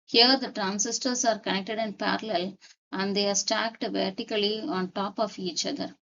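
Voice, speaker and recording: Gravelly-voiced woman teaching a lesson. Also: mid-range voice, fairly even intonation, sharp tone, lo-fi sound. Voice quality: repeats key points deliberately. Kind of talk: step-by-step lecture.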